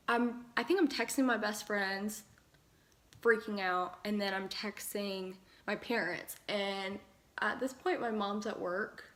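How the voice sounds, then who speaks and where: Chatty young woman retelling a story. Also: mid-range voice. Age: young adult. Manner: excited, rapid retelling with quoted dialogue. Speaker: pageant contestant vlogger. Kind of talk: casual storytelling while doing makeup.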